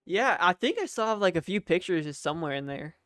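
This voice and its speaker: A man's voice: sits high, sing-song, fast, a bit bright, no room sound, clean studio sound. A young man co-hosting a podcast, chatting casually with blunt teasing and easy swearing. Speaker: podcast co-host. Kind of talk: casual chat.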